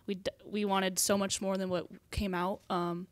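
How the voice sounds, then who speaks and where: A young woman athlete answers at a press podium in an earnest, halting way. Her pitch stays fairly flat, and the sound is dry and close to the mic. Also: no echo. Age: young adult. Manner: earnest, halting, many ums. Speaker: college basketball player.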